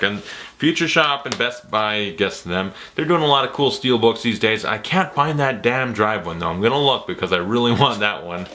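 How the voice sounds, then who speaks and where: A man's voice: fairly low pitch, pushed and bright, a little hiss or hum. A young man talking casually and enthusiastically about his new purchases, rambling and breaking into playful put-on quotes. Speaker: vlogger. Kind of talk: casual chat.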